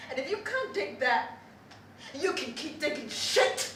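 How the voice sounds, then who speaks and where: A woman on stage playing a restless young zookeeper who tells a story in a profane, animated rant. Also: high voice, a little slow, heavily acted. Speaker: stage performer. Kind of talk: theatrical monologue. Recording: echoey hall heard from far off, faint noise.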